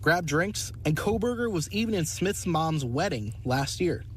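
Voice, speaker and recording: A male field reporter with a slightly raised voice and clean, steady broadcast delivery. He reports live outdoors on a handheld mic, with faint ambience behind him. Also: on the high side, a little slow, slight background noise. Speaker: TV news reporter. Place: outdoors at news scenes.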